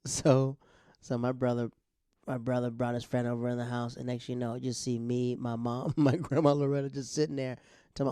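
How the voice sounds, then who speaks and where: A man's voice: medium pitch, level tone, moderate pace, dark tone, smooth, dry recording, clean studio sound. A man, a stand-up comedian, telling family stories in a casual monologue, often laughing as he talks. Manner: laughs often while telling, acts out family members' voices. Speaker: stand-up comedian, podcast host.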